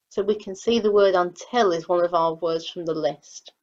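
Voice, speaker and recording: A woman's voice: lowish voice, normal speed, hardly any pauses, darkish tone, highs cut off. A woman teacher explaining sentence structure in a recorded grammar lesson, patiently reading example sentences aloud. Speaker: English teacher.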